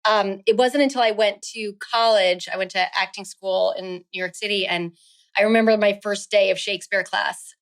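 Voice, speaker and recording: A woman's voice: mid-range voice, normal speed, smooth. Chatty woman from New Jersey. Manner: chatty, animated storytelling. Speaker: podcast guest. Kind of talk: casual chat.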